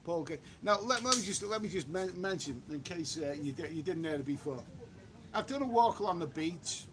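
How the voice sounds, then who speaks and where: A man's voice: a little high, animated, a little fast, a crowd in the background. An English man chatting casually on a live stream outdoors by the beach, rambling with frequent restarts and the odd mild swear word. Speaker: travel vlogger live-streaming. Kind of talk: casual live-stream chat reading viewer comments.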